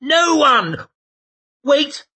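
A man's voice: extremely high pitch, sing-song, slow pace, bright, forceful tone, voice pushed up, exaggerated voice. A man voicing a nervous, fretful man out of his depth, exclaiming in panic. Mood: panicky.

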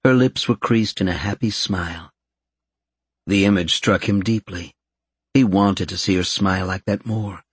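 Male audiobook narrator, husky and low, steady read, dry recording. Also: no room sound. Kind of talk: scripted narration.

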